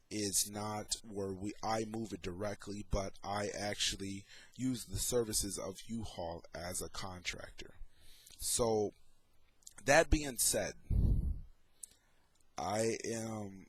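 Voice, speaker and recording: A man's voice: fairly low pitch, fairly bright tone, breathy edge, dry recording. A middle-aged man talking in a casual, sarcastic way as he comments on photos and his own troubles. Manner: sarcastic, slow and deliberate. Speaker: vlogger.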